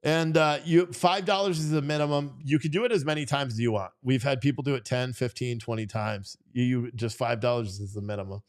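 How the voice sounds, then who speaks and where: A man's voice: medium pitch, brisk, few pauses. A tired man hosting a live stream, rambling through casual commentary and swearing freely. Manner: rambling and profane.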